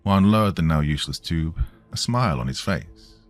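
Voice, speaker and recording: Male storyteller, low and expressive, scripted narration over faint music. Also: moderate pace.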